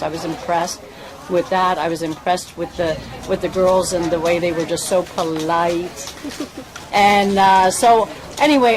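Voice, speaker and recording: A woman volunteer giving a heartfelt, halting speech at a public event. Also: on the low side, low-quality recording. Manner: earnest, halting, emotional. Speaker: volunteer fundraiser. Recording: crowd noise behind.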